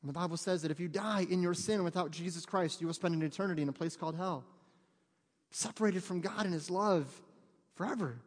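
A man in his thirties, a pastor, gives a brisk sermon in a high-sitting voice. It's conversational and full of joking asides that build to fervent emphasis, and the church sanctuary lends it a long hall reverb.

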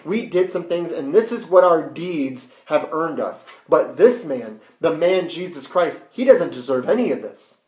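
A man's voice: a little high, sing-song, moderate pace, few pauses, a little mellow. A man voicing a repentant male criminal who earnestly rebukes another. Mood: urgent. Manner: urgent, pleading, earnest. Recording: roomy echo.

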